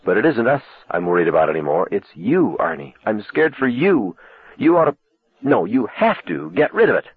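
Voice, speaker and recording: A man's voice: sits low, sing-song, quick pace, few pauses, husky, heavily acted. A man reading aloud, voicing a teenage girl who pleads on the phone, close to tears. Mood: pleading. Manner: pleading, wavering toward tears. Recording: tinny lo-fi cassette sound.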